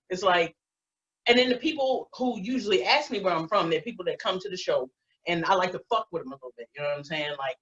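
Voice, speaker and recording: A woman's voice: on the low side, fairly bright tone. A woman, doing a brash, profane stand-up comedy set. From Baltimore, USA. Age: 40s. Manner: profane, brash, streetwise storytelling. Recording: muffled lo-fi online stream.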